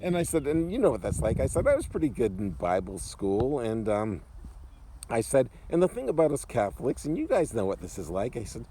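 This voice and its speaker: A man's voice: mid-range voice, fairly quick, a little hiss or hum. A man telling a long funny story about a past gig, laughing often as he goes. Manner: animated, laughs often while telling jokes. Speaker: guest storyteller. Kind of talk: casual anecdote telling.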